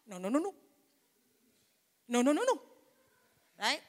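A woman's voice: sits high, big pitch swings, a little slow, long reverb tail. A woman pastor preaching a fervent sermon in a church, repeating phrases and breaking into praise. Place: church sanctuary.

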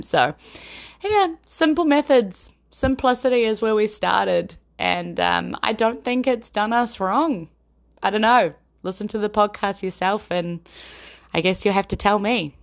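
Gravelly-voiced New Zealand woman podcaster. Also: medium pitch, animated, fairly bright tone. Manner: chatty and rambling, quick to laugh. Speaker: podcast host. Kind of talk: casual chat.

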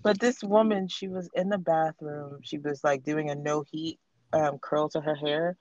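A woman's voice: deep voice, fairly even intonation, normal speed, a little mellow, dry recording. Chatty woman telling stories, slightly dull audio. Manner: chatty storyteller, laughs often. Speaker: podcast co-host. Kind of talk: casual chat, storytelling.

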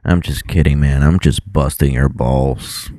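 A man's voice: extremely low pitch, steady tone, measured pace, mellow, no room sound, clean studio sound. A man in casual podcast chat who teases his friend and fills his talk with "like". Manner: teasing, filler-heavy with frequent "like".

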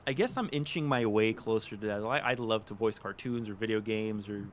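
A man's voice: on the low side, fairly quick, a little hiss or hum. A man talking casually as an interview guest about voice acting, rambling and self-deprecating, with many restarts and fillers. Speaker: podcast guest, aspiring voice actor.

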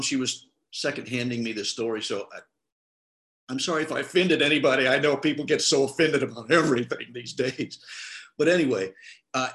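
A middle-aged male pastor giving a sermon, talking conversationally and acting out the people he quotes. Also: mid-range voice. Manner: conversational preaching with lively quoted voices.

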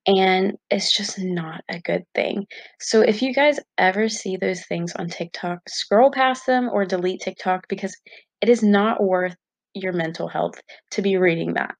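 A woman's voice: on the low side, dry recording. A young woman vlogging to her viewers in a candid, chatty way with lots of fillers. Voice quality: gravelly fry. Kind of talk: casual talk to camera.

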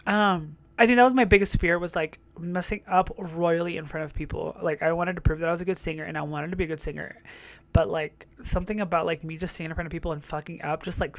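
A woman's voice: lowish voice, gravelly. A young woman chatting casually as she reacts to a TV show, often swearing and laughing as she goes. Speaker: reaction vlogger.

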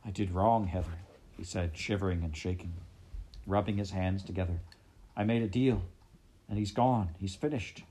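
A man's voice: deep voice, normal speed, mellow, slightly rough. A man voicing a guilty male rabbit traitor who speaks nervously and shakily. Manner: nervous, shaky, apologetic.

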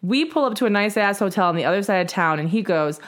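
A young woman with a mid-range voice, neither high nor low, hosts a casual podcast chat. She retells a story in a brash, profane, lively way. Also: fast. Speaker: podcast host.

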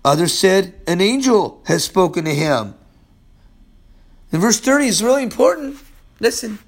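High-voiced man preaching with emphatic swings. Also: sing-song, normal speed. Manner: emphatic preaching, swings from loud calls to low murmurs; streetwise, calls listeners "man". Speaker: pastor. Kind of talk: sermon.

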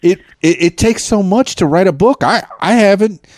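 A man's voice: sits high, moderate pace, darkish tone, no echo, clean studio sound. A man hosting a podcast, curious and encouraging, prompting his guest with questions in casual chat. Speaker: podcast host.

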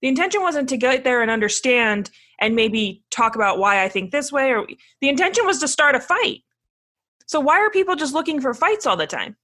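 A woman's voice: high voice, big pitch swings, a little fast, fairly bright tone. A woman co-hosting a podcast in casual chat, asking questions and pushing back with reasoned points. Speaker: podcast co-host.

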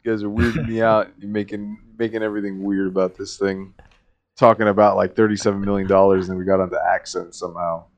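An American man co-hosting a podcast, chatting casually, animated and swearing often. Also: on the low side, quick pace, gravelly, no echo, lo-fi sound. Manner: swears a lot, animated and joking. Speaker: podcast co-host.

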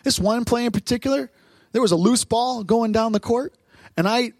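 High-voiced preaching man, dry sound. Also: moderate pace, dry recording. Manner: lively preaching, acting out voices and asking the crowd. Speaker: pastor. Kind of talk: sermon.

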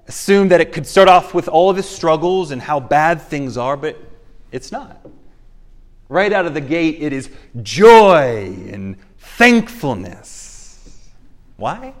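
A man preaching a sermon as pastor of a church, earnest and emphatic, slowing down to stress key phrases. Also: medium pitch.

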